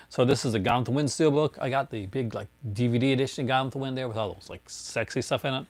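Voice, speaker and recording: With no room sound on the recording, a man in a mid-range voice talks fast as he shows his discs on a laid-back livestream. He laughs a lot, rambles, and welcomes viewers by name.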